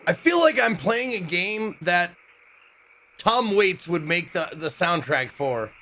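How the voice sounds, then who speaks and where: Young dude doing a chill let's play, reads the game text out loud, kinda high voice, faint hiss. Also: male voice, expressive, takes it slowly. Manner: chatty, reads game text aloud, muses to viewers. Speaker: game streamer. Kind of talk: casual let's-play commentary.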